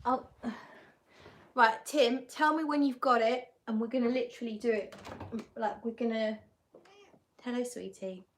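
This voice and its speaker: A woman's voice: on the high side, steady tone, normal speed. A woman hosting a live stream, chatting casually as she reads out viewer comments, giggly and often correcting herself. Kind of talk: casual chat.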